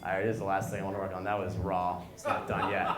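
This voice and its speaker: A man in his twenties doing an animated stand-up set in a bar, jumping into loud high voices for the people he quotes. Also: fast talker, a loud crowd. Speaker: stand-up comedian. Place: bar and grill comedy night. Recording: echoey room, stage mic. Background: audience laughter.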